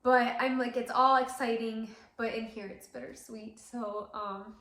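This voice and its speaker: A salon owner in her thirties speaks a little slowly in a slightly high, steady, somewhat bright voice. She talks casually and emotionally to the camera, filling gaps with fillers and welling up with tears. The salon interior gives the recording a roomy echo.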